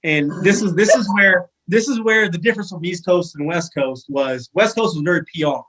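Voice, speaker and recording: A man's voice: sits high, brisk, poor audio. A man in his thirties from California, a firefighter telling a casual story on a podcast with lots of fillers and restarts. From Sacramento, California. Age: 30s. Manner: animated anecdote-telling with many fillers and restarts. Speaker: guest, firefighter.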